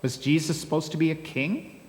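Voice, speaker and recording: A man speaking as a humble, plainspoken male donkey, folksy and wry, in a slow homey way. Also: a little high, a little hiss or hum, natural voice. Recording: echoey church hall.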